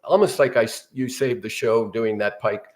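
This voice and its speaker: A man's voice: mid-range voice, moderate pace. An older man, a guest actor, telling rambling anecdotes in a casual interview.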